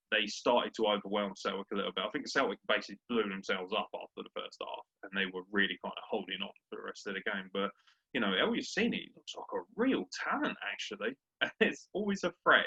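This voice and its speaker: A man's voice: on the low side, bright, forceful tone, slightly rough. A young man, a podcast co-host in casual sports chat, brash, sweary and ranting. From Britain. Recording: dull lo-fi audio.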